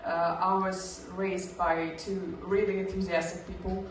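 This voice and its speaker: A woman's voice: on the low side, little pitch movement, measured pace, heavy reverb, distant mic, slight background noise, rough recording. A young woman from Russia with a British accent, a stand-up comedian doing her set in a chatty, self-mocking way, full of small fillers.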